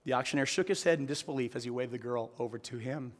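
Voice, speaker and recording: A man's voice: mid-range voice, fast talker. A man preaching a sermon to a live audience, telling a story and then asking the audience earnest direct questions. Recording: long hall reverb.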